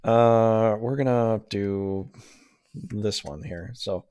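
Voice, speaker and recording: A man's voice: lowish voice, drawn-out words, warm tone, clean tone, dry recording. A man doing a casual tarot reading who rambles, talks himself in circles and gets easily flustered. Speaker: tarot reader.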